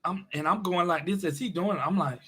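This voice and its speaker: A man telling a story in a chatty, animated way as a vlog host. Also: high voice, a little fast, slightly rough. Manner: animated, chatty, acts out quotes. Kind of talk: casual storytelling monologue.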